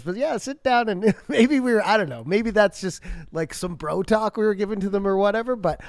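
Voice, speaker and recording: A man with a Canadian accent co-hosting a casual talk show, chatting in quick back-and-forth. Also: high-pitched, animated, no room sound, studio quality. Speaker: co-host.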